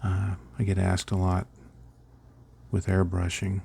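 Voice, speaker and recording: A man's voice: deep voice, monotone, a little slow, vocal fry, mellow, husky. A middle-aged man casually rambling through a miniature painting tutorial, chuckling at his own slips.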